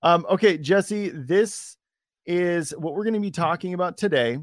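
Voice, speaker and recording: A man's voice: sits high, normal speed, no echo, clean studio sound. A man hosting an interview show, chatting casually and enthusiastically.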